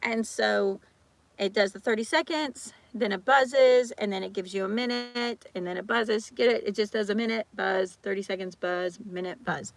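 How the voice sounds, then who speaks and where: A woman vlogger rants animatedly in casual chat, repeating herself and acting out quotes. She talks fast, restarting and repeating, in a fairly high, gravelly voice.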